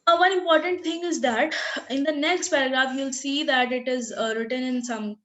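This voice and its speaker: A woman's voice: high-pitched, fairly even intonation, moderate pace, a bit bright, low-quality recording. A woman teacher explaining a short story in a recorded lesson, talking hesitantly with many fillers and restarts and often asking "right?". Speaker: literature teacher.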